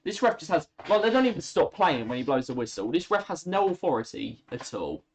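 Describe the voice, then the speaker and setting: A man's voice: on the high side, big pitch swings, a little fast, a little hiss or hum. Sleepy guy streaming a watch-along, chatty, reacting to every play. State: tired, yawning. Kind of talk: live watch-along commentary.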